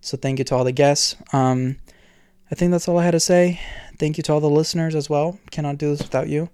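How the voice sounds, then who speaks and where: Earnest man with a smooth, mellow voice. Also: a little high, fairly even intonation, brisk, no room sound, studio quality. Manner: earnest, rambling, lots of fillers. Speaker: podcast host. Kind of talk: casual solo podcast talk.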